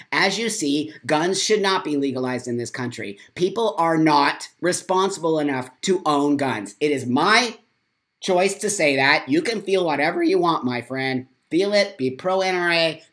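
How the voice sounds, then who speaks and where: A man's voice: fairly high pitch, a bit bright. An American man hosting a live morning vlog, reading viewer comments aloud and ranting angrily with lots of swearing and repeated phrases. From United States. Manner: angry, profane ranting.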